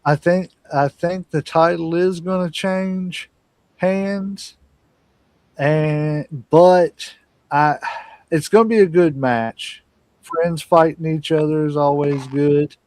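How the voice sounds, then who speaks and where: A man in his thirties hosting a laid-back chat show, talking slowly in a slightly high voice. He rambles easily and laughs often, and his voice sounds close and dry with no room around it. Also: fairly even intonation, darkish tone, no echo. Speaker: podcast host. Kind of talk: casual chat.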